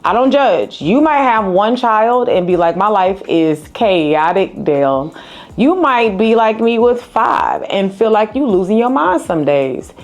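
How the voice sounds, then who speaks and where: A woman in her thirties, a mother of five, giving casual, animated advice to the camera and repeating reassurances. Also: on the high side, measured pace, few pauses.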